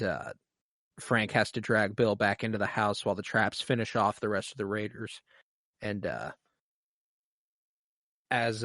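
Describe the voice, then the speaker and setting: A man's voice: on the low side, fairly bright tone, no echo. Guy hosting a podcast, gets all emotional recapping the episode, swears a lot, dry close sound. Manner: emotional, retells scenes at length, swears freely. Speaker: podcast host. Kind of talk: casual show recap chat.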